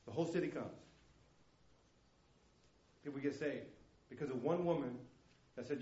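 A man's voice: medium pitch, normal speed, pauses often, warm tone. A man preaching a sermon as a missionary, telling stories with passion, acting out voices and repeating words. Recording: echoey room, dull lo-fi sound.

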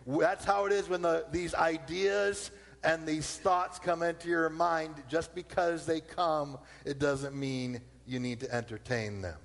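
A man's voice: fairly high pitch, steady tone, vocal fry. Preaching man in a reverberant hall. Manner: slows down to repeat key points. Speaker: pastor. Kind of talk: sermon.

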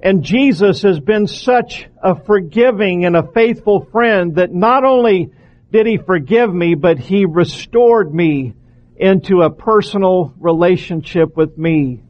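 A male preacher delivers an earnest sermon, pleading with his listeners and hammering points home through repetition. His voice sits high for a man. The recording sounds somewhat dull and lo-fi. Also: unhurried.

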